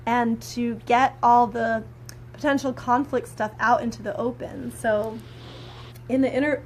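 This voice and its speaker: A woman's voice: on the high side, slight background noise. A woman chatting casually in a live stream, rambling with lots of fillers, teaching about communication. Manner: rambling, filler-heavy, conversational; animated when acting out quoted anger. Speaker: spiritual teacher and prayer practitioner.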